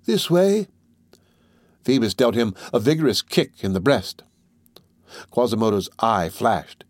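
A man reading a classic novel aloud as audiobook narration, measured and steady. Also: on the low side, no echo, clean studio sound. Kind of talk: scripted narration.

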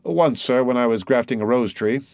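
A man's voice: mid-range voice, moderate pace, a little mellow, smooth, no room sound, voice pushed up, natural voice. A man voicing a humble middle-aged telegraph keeper who is earnest, timid and respectful, in an audiobook reading. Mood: anxious. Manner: eager, anxious, respectful.

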